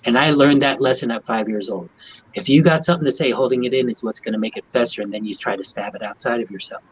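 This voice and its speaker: A man's voice: medium pitch, fast, slight background noise, low-quality recording. A man who is a doctor, talking on a video panel and telling a personal story in an earnest way. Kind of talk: video call chat.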